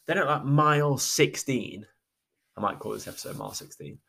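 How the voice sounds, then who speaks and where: A man from England, hosting a podcast, telling a personal story in a halting way, close to tears and stopping often. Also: mid-range voice, very animated, gravelly, pushed and bright. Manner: halting, with many restarts and trailing pauses. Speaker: podcast host. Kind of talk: reflective personal monologue.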